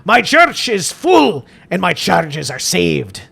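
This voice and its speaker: A man reading a diary aloud as a Scottish-accented priest, slow and theatrical, rolling his Rs heavily. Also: high-pitched, wildly swooping pitch, gravelly, pushed and bright, breathy edge, full character voice. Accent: Scottish, exaggerated put-on. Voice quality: heavy rolled Rs.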